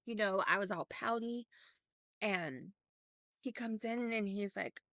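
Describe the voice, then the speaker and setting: A woman's voice: medium pitch, normal speed, a bit bright, dry recording. A middle-aged woman from Oregon, candidly telling a personal story in a rambling vlog with many restarts. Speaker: vlogger.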